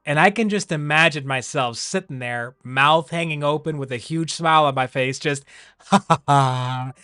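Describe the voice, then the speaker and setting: A man's voice: on the high side, moderate pace, smooth, no echo, studio quality. Rambling man, casual stream chat. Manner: rambling, animated, laughs often.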